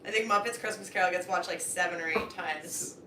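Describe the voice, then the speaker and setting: A woman co-hosting a casual live kitchen stream, reading out viewer questions and chiming in with relaxed teasing. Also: fairly low pitch, fairly quick, echoey room, far from the mic, poor audio. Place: home kitchen.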